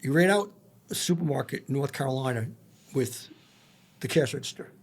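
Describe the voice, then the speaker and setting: A man's voice: mid-range voice, lively intonation, a little fast, slightly rough. A man, a former federal agent, telling blunt and profane stories full of quoted dialogue as a podcast guest. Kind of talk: storytelling in a casual interview.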